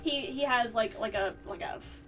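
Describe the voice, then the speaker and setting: A woman runs a tabletop game, rambling and giggling through her descriptions. Her voice sits a bit high, and she sounds set back from the mic, with music playing clearly underneath. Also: normal speed, fairly bright tone. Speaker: game master. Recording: distant mic with music behind.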